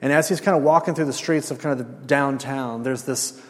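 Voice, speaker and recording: A man's voice: medium pitch, brisk. Emphatic male pastor in a reverberant hall. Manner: emphatic, repeats key phrases, light humor. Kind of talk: sermon. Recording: long reverb of a large hall.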